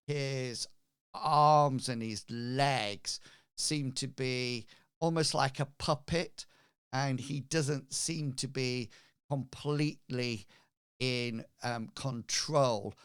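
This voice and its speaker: A man narrating a tabletop game as game master, slow and halting with fillers. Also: mid-range voice, a bit bright, clean tone, dry recording, clean studio sound.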